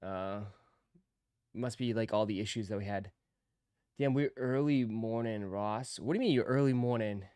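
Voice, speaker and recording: A man's voice: lowish voice, normal speed, a little mellow, clean tone, dry recording, clean studio sound. Laid-back slangy man chatting to viewers. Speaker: sneaker live stream host. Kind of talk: casual live stream chat.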